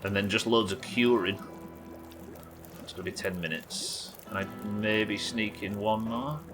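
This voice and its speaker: A man's voice: lowish voice, measured pace, over music. A man chatting loosely while streaming a survival game, rambling, swearing and joking at his own expense. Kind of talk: casual gameplay commentary.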